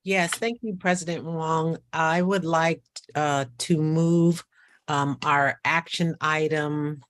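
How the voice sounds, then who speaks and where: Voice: mid-range voice, fairly even intonation, fairly bright tone, no echo. A district official making a formal request at a school board meeting, speaking carefully with hesitations. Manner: measured, careful phrasing with uhs.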